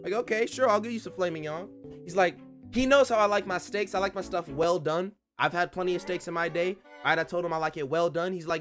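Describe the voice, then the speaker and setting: A man streamer telling a story animatedly to his audience, excitable and quick to burst into laughing outbursts, repeating lines for emphasis. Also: high-pitched, soft background music.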